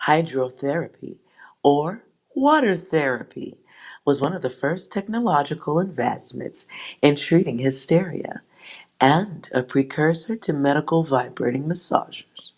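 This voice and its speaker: A woman's voice: deep voice, a little mellow. A woman hosting a tarot channel, reading a history text aloud and breaking off with sighs and wry asides. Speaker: tarot reader host.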